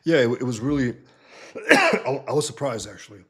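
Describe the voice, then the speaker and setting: Hosting a casual livestream from a home setup, a man with a mid-range, fairly bright and very animated voice reads viewer comments aloud at a moderate pace. He answers them bluntly and ramblingly, sometimes swearing.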